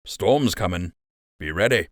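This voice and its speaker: A man voicing an angry, surly male rabbit soldier captain who speaks coldly and shouts. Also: sits low, animated, a little slow, no echo, clean studio sound. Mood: curt. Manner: cold, seething, shouting.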